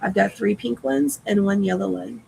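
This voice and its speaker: A woman's voice: mid-range voice, moderate pace, vocal fry, darkish tone, slight background noise, poor audio. A woman chatting casually on a live stream while sewing, rambling and swearing lightly, her voice cracking and giving out. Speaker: crafting livestreamer.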